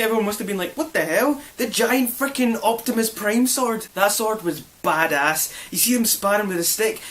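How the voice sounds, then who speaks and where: A man's voice: high-pitched, recorded from a distance. A young Scottish man reviewing a film with spoilers, full of sarcastic rhetorical questions. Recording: faint hiss, voice set back from the mic.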